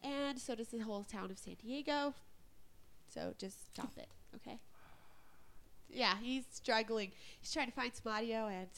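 Woman, high-pitched, podcast co-host, casual chat, playful teasing. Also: measured pace, a bit bright. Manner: playful teasing, laughs often.

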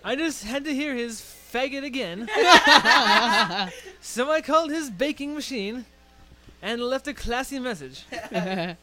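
A man voicing a giddy, lovestruck young woman reading out her diary in a high, girlish voice, giggling through the lines as a radio comedy bit. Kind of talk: comic reading of a fill-in-the-blanks story. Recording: radio studio with loud music bed.

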